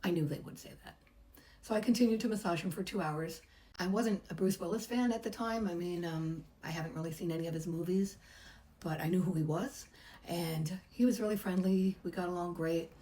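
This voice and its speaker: A woman's voice: fairly low pitch, fairly quick, dark tone, poor audio. A middle-aged woman, a massage therapist, chattily telling a personal story and acting out the voices she quotes. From United States.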